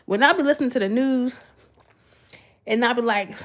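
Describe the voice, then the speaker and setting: A woman's voice: mid-range voice, quick pace. A woman, chatting casually and giggling with her livestream viewers. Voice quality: sweet voice. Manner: giggly, chatty, talks back to chat. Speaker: livestream host.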